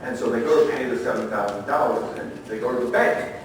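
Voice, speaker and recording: At a quick pace and medium pitch, a middle-aged ex-federal agent presents a conference training session as an animated storyteller who acts out quotes and quizzes the audience. Captured from a distance in an echoey conference room, the audio carries slight background noise.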